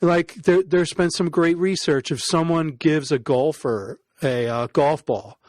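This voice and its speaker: A man, a podcast guest, telling an animated story in casual conversation, laughing often. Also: a little high, measured pace, no room sound. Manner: animated, laughs often, acts out quoted voices.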